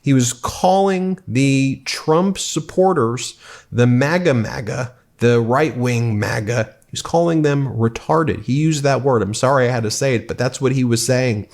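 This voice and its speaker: A man's voice: mid-range voice, a little slow, a little mellow. A man giving casual political commentary, talking straight to viewers and reading quotes aloud. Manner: conversational, reads quotes aloud with some emphasis.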